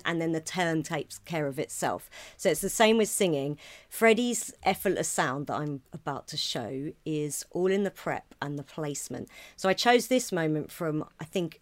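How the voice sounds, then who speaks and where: A woman who co-hosts a podcast, a singer and comedian, chatting casually about vocal technique with frequent laughter. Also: on the low side. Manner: animated, laughs often, breaks into sung demonstrations.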